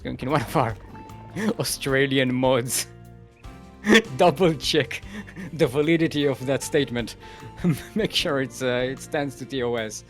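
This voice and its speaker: A man calls a live esports game with a playful, giggly streak and breaks into jokes between the action. His voice sits at an ordinary middle pitch, and faint game music plays behind him. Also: unhurried, pauses often. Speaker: esports caster. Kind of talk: live esports play-by-play commentary.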